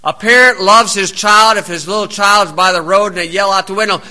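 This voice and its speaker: A man's voice: high-pitched, steady tone, a little fast, pushed and bright, some chatter behind. A male preacher delivering a blunt, plain-spoken, scolding sermon.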